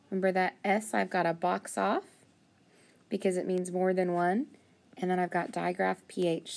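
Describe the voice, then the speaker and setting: A woman teaching a phonics lesson, thinking aloud and patiently sounding out words, with steady praise. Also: fairly low pitch, normal speed, gravelly.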